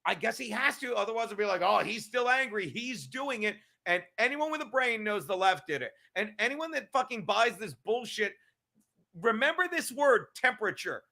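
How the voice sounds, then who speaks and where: A man's voice: high-pitched, sing-song, moderate pace, gravelly, sharp tone. A male podcast host in a profane live-stream rant, angry and emphatic, swearing constantly and repeating his points.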